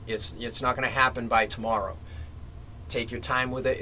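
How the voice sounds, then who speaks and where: A man's voice: mid-range voice, a little fast, soft background music. A man teaching a drum lesson, explaining step by step and often checking in with "okay?". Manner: relaxed explaining, frequent "okay?" check-ins.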